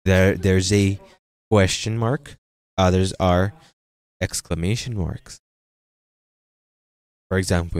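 A pastor giving a sermon in church, preaching with energy and sprinkling in frequent amens and repeated phrases. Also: male voice, sits low, fairly even intonation, takes it slowly, long pauses, a little mellow, clean tone, no room sound. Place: church sanctuary.

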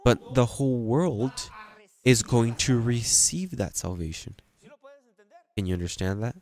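A man's voice: mid-range voice, measured pace, a little mellow. A man preaching a sermon with an accent, drawing out words and rising into emphatic bursts. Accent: non-native English. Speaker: pastor.

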